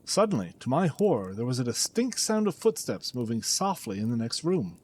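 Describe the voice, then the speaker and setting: Expressive male audiobook narrator. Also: mid-range voice, fairly quick, a little hiss or hum. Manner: dramatic, expressive storytelling.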